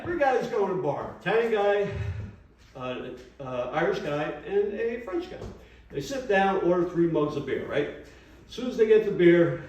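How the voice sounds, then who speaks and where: A man's voice: on the high side, a little mellow. An older man performing a live stand-up routine, telling jokes in a loose, chatty way with hesitant fillers. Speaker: stand-up comedian. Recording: very echoey, distant live mic.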